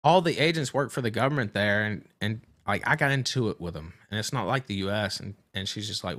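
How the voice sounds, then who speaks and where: A man hosting a livestream, telling a personal story in a halting, rambling way with many restarts. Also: fairly low pitch, animated, a bit bright. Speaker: livestream host.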